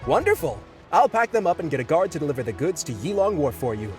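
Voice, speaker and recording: Polite rushed office clerk in a game, lively voice, faint music. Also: male voice, fairly high pitch. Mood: businesslike. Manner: courteous, businesslike. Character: polite busy male office clerk, hurried.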